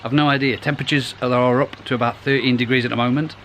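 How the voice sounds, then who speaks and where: A man's voice: mid-range voice, steady tone, fast talker, a bit bright, a little hiss or hum. A middle-aged man, chatting casually to camera beside his garden pond, rambling and restarting his phrases. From United Kingdom. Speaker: koi pond vlogger. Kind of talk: casual vlog.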